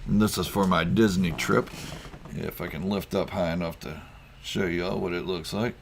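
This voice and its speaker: A man's voice: low-pitched, steady tone, moderate pace, vocal fry, background noise. A man hosting a casual live stream from home, rambling through viewer comments with lots of ums and chuckles. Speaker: YouTube channel host.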